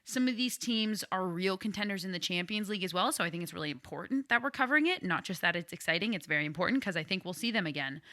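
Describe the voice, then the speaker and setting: A woman hosting a casual sports podcast, upbeat and playful. Her voice is bright and forward, recorded close and dry with no room sound. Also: lowish voice, lively intonation, fast talker, hardly any pauses, no room sound. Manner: enthusiastic, playful. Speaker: podcast co-host.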